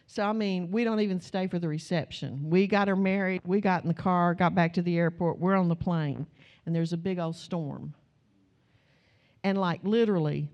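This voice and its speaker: A middle-aged woman pastor, preaching a sermon with stories, swinging from low asides to loud exclamations. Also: dull audio. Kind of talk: sermon with storytelling.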